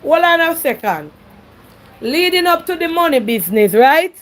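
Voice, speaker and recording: A woman's voice: very high-pitched, big pitch swings, normal speed. A woman hosting a call-in radio show, giving emphatic, preachy advice. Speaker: radio talk show host.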